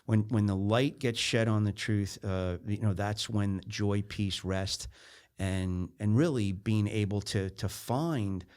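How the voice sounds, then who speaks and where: A lower-voiced man hosts a podcast in casual conversation. He speaks with fervent, emphatic conviction, often restarting his sentences and leaning on fillers. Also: slow, darkish tone, smooth. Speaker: podcast host.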